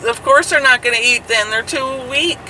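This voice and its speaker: A man's voice: very high voice, normal speed, far from the mic, poor audio. A man who trained in nursing care, telling an outraged story in casual chat and swearing freely while driving. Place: inside a car in traffic. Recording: loud road noise in a car.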